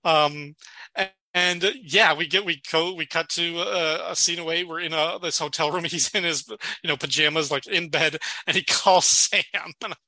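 A man with a very bright, forceful voice and slightly high pitch recaps a sitcom episode in casual chat. He laughs often and slips into quoted lines as he retells scenes. The sound is dry and close. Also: steady tone, normal speed, dry recording. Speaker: podcast co-host.

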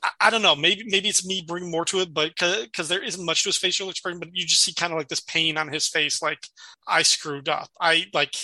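A man hosting a podcast, chatty and loose, laughing often as he acts out quotes. His voice is very bright and a little high, and the sound is dry and close. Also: steady tone, quick pace, few pauses, no echo. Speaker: podcast host. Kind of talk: casual chat.

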